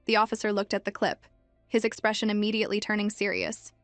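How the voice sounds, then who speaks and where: A woman reading a scripted story recap as narrator, in a steady storytelling manner. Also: mid-range voice, fast talker, dry recording. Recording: dry close mic with faint music.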